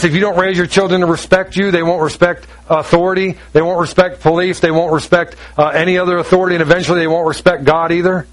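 A man's voice: fairly high pitch, low-quality recording. A middle-aged man preaching a sermon in a folksy, joking way, acting out little dialogues. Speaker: pastor.

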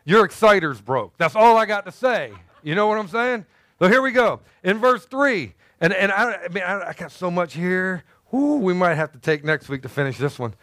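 A man preaching a sermon as pastor, animated and joking with the congregation. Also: sits high, dry recording. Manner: animated, jokey, talks to congregation.

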